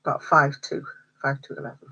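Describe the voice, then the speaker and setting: A woman's voice: low voice, level tone, brisk, creaky, bright, forceful tone, slightly rough, muffled recording. A woman hosting a craft livestream, chatting casually with viewers, answering their comments and laughing often. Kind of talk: casual chat with live viewers.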